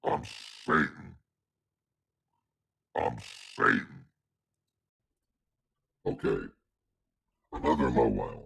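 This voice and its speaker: A man testing deep male voice-changer presets, from a demonic voice to an old man, judging each one aloud. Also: vocal fry, a bit bright, slightly rough, heavily acted. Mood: menacing. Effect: deep male voice-changer filter. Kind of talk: live stream voice-changer demo.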